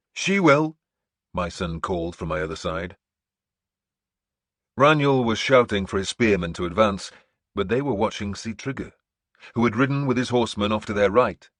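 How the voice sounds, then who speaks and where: Low husky male audiobook narrator. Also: a bit bright, no echo, studio quality. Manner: grave, measured storytelling. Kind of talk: scripted first-person narration.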